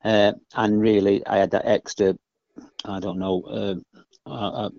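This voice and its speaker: A man's voice: fairly low pitch, little pitch movement, unhurried, creaky, a little mellow, no echo. An older man, a former footballer, chatting casually as a podcast guest, rambling and often adding "you know what I mean". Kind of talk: casual interview chat. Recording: dull lo-fi dry podcast audio.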